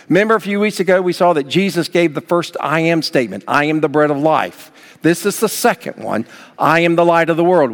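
A man preaching a sermon as pastor, emphatic, with sudden rises in pitch and loudness. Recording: long hall reverb.

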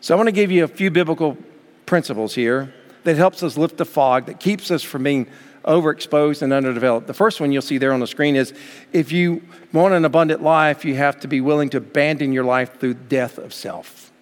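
A man's voice: fairly high pitch, fairly quick. A man preaching a sermon as pastor, from the United States, building to fervent emphasis. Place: church sanctuary. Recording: long hall reverb.

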